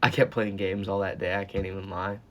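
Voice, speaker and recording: A man's voice: deep voice, level tone, brisk, a bit bright. A teenage boy telling a storytime vlog as a YouTuber, rambling and swearing, with lots of "like" and "uh.". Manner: rambling, profane, full of "like" and "uh".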